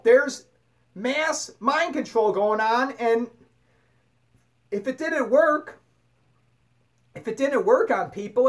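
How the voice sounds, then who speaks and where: A woman giving a blunt spiritual monologue, swearing freely and preaching with animated force. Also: sits high. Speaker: spiritual talk host.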